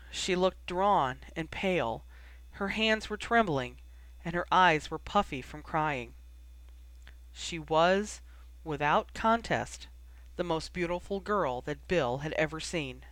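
A reader narrating fan fiction in a measured, steady way. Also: medium pitch, no echo. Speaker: audiobook reader.

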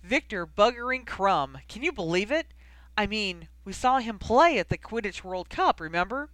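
A storybook narrator voicing an eager, excited young man, louder and livelier than the narration. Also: mid-range voice, normal speed, clean tone, no room sound, close to an everyday voice.

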